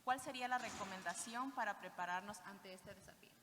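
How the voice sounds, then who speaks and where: A woman moderating a conference panel, reading out audience questions in a measured way. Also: medium pitch. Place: conference hall. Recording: reverberant hall with faint noise.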